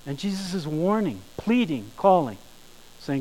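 A man preaching a sermon, emphatic, slowing down and rising in volume on key phrases. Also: a little high, expressive, poor audio. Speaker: pastor.

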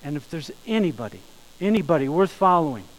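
A man preaching a sermon, emphatic, slowing down and rising in volume on key phrases. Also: a little high, very animated, rough recording. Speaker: pastor.

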